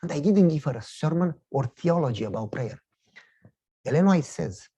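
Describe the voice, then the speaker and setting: A man preaching a sermon who tells a personal story in an animated way and acts out the dialogue. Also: medium pitch, gravelly, breathy edge.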